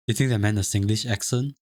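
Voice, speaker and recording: In a fairly low, slightly mellow voice, a young man from Singapore with a light accent chats on a live stream, reading chat aloud while rambling, restarting and stammering. The audio is studio quality with no echo.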